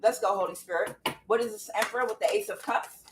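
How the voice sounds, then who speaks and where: A woman's voice: medium pitch, quick pace, heavy background noise. Blunt, profane woman reading tarot. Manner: talks aloud to the Holy Spirit, blunt and profane. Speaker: tarot reader. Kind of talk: casual spiritual tarot reading.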